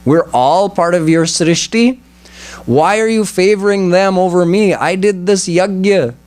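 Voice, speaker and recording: A man's voice: high voice, unhurried, darkish tone, pitched above the performer's own voice. A man voicing a dying male demon who cries out to God against injustice, in a raised, pleading tone. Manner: pleading, indignant protest.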